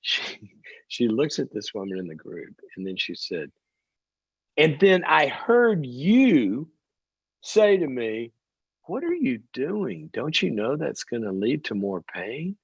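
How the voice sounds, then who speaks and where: A middle-aged man hosts a call-in advice show, telling stories with a lively, swinging pitch and acting out each quoted voice. His voice is slightly husky. The recording is dry and a little muffled. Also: takes it slowly, no room sound. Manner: animated storytelling, acts out quoted voices. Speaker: talk show host and psychologist. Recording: dull dry close mic.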